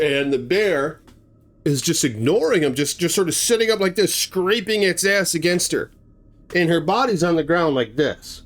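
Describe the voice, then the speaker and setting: A man's voice: a little high, expressive, normal speed. A man telling a chilling true story in a casual, dramatic way, with vivid asides to his viewers. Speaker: horror storyteller.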